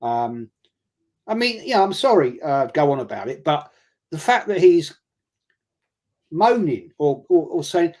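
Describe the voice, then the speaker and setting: A man's voice: on the high side, big pitch swings, unhurried, pauses often, darkish tone. A man with a London accent joining a casual fan chat. He talks bluntly, swears, and mocks rivals in sarcastic put-on quotes. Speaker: guest fan pundit.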